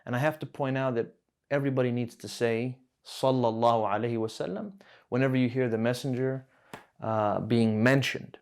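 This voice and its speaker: A man teaching an Arabic lesson, explaining patiently, slowing down and repeating words as he goes. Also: mid-range voice, steady tone, clear, resonant tone. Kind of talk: classroom lesson at a whiteboard.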